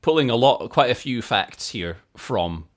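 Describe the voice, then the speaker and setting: Here a male podcast co-host uses a mid-range, expressive voice at a measured pace. Between casual chat, he teaches Bible facts in a reflective, self-mocking manner, laughing readily.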